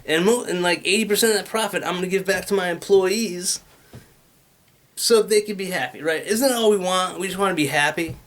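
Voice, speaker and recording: A man's voice: sits high, a little fast, fairly bright tone. A man in a casual, rambling rant, swearing often and restlessly jumping between ideas. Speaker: vlogger pitching his venture.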